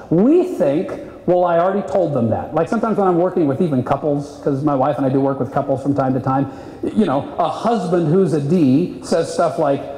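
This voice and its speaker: A man coaching salespeople at a live seminar, animated and acting out client voices. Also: high voice. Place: seminar room. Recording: echoey hall, voice from a distance.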